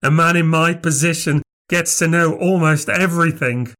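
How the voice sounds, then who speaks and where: A man voicing a small, sinister bearded stranger who talks in low, breathless, conceited tones. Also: fairly even intonation, normal speed, a bit bright, close to an everyday voice. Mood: conceited cryptic. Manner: conceited, cryptic.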